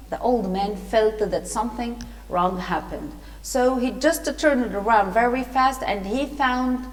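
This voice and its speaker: A woman English teacher reading a story aloud, explaining words and asking her listeners questions. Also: medium pitch. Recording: echoey room.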